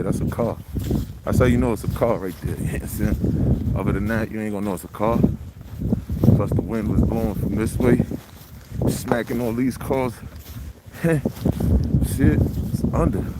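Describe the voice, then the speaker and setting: A man's voice: lowish voice, moderate pace, pauses often. A young man vlogging outdoors in a snowstorm, talking in a rambling, slangy, joking way with lots of filler. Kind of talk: casual outdoor vlog. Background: clear wind and outdoor noise.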